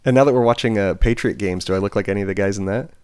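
A man's voice: lowish voice, rapid-fire, clear, resonant tone, dry recording, clean studio sound. A man co-hosting a podcast in casual chat, telling work stories and acting out the people in them. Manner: animated storytelling, acting out quoted voices. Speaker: podcast co-host; bartender.

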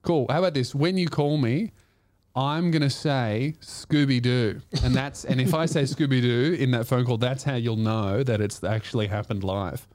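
A man's voice: medium pitch, normal speed, darkish tone. A man hosting a comedy podcast, telling rambling stories, swearing freely and teasing his co-host. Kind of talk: casual comedic chat.

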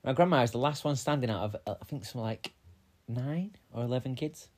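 A man's voice: mid-range voice, fairly quick, a little mellow. A young man, co-hosting a podcast and telling rambling, sweary stories between laughs. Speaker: podcast co-host. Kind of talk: casual chat.

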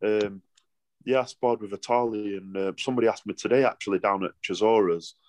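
A man's voice: lowish voice, fairly quick, darkish tone, no room sound. A middle-aged man with a Yorkshire accent, a boxer telling stories in a casual interview, rambling with lots of restarts and broad dialect.

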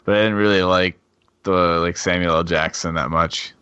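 A man's voice: sits low, fairly even intonation, moderate pace, bright, forceful tone, clear, resonant tone, dry recording, muffled recording. A man in a casual podcast chat, rambling about films with many "like" fillers.

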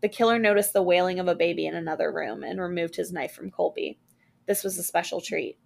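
A woman podcast host reading a scary story aloud, expressive, with small character voices. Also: lowish voice, fast, gravelly.

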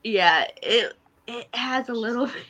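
A woman co-hosting a casual podcast, talking over a TV episode in an animated way, laughing often and repeating words. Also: fairly high pitch, unhurried. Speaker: podcast co-host. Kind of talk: casual chat recapping a TV episode.

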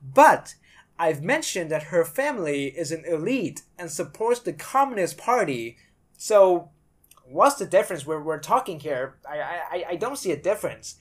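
A woman hosts her podcast with opinionated commentary that is blunt and sarcastic, and she swears freely. Her voice sits fairly low. Her pitch swings widely. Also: sing-song, normal speed. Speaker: podcast host.

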